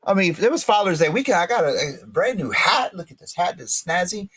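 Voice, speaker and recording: A middle-aged man co-hosting a podcast stream, chatting in an excitable, effusive way. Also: high-pitched, brisk, husky. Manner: excitable and effusive, voice jumping up when thrilled. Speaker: podcast co-host. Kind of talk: casual livestream chat.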